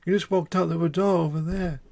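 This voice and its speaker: A man's voice: sits high, fairly even intonation, fairly quick, creaky, dark tone. A man voicing a nervous female music store clerk in a video game, stammering and trembling as he reads her lines aloud on stream. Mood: puzzled.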